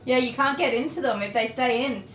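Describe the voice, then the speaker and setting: A woman with a brisk, somewhat high and slightly bright voice chats and rambles casually while grooming dogs on a livestream. The sound is roomy, with a distant mic and faint noise.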